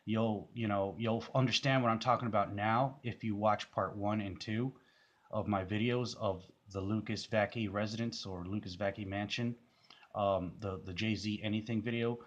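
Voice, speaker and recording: Man, low voice, casual rambling commentary, lots of fillers. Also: fairly even intonation, normal speed, muffled recording. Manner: rambling, many fillers and restarts. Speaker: video commentator. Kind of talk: casual commentary over a music video.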